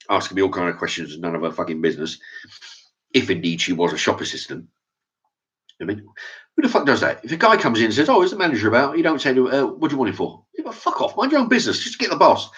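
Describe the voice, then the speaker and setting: A man's voice: on the low side, a bit bright. A man ranting casually to camera as a vlogger, swearing often and stumbling over restarts. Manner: profane, rambling, with stammered restarts. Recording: dull lo-fi sound.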